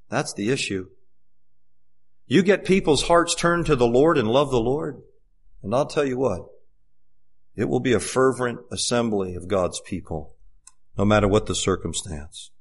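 A man preaching a sermon as pastor, swinging from fervent, rising appeals to hushed, intimate passages, and repeating words when he gets fired up. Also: medium pitch, moderate pace.

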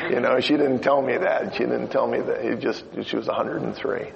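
A middle-aged man preaching a sermon, telling stories and swinging from loud exhortation to quiet asides. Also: mid-range voice, steady tone, fairly quick, vocal fry, crowd noise. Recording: dull lo-fi sound in a reverberant hall.

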